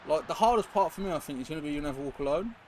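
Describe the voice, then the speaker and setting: Streaming a football game, a young man rambles in casual live-stream chat, reacting to his viewers and the action. His voice is a little high and a little mellow, animated, and very fast. Background hiss runs through the recording.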